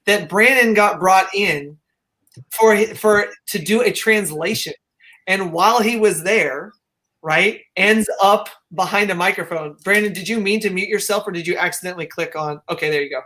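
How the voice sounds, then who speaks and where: A man's voice: sits high, moderate pace, sharp tone, rough recording. A man hosting a live panel interview over a video call, asking rambling, enthusiastic questions. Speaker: host.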